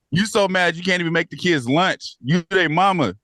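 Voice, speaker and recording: A man with a fairly high voice co-hosting a casual review podcast. He talks in an animated, disbelieving way, swears freely and breaks into laughter. The sound is dry and close, with no room around it. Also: normal speed, no room sound. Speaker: podcast co-host.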